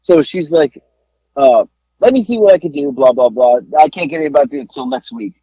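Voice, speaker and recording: A man co-hosting a podcast, telling a story in a casual, animated way and acting out the people he talked to on the phone. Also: a little high, a little fast, vocal fry, no room sound. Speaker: podcast co-host. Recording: dull lo-fi dry sound.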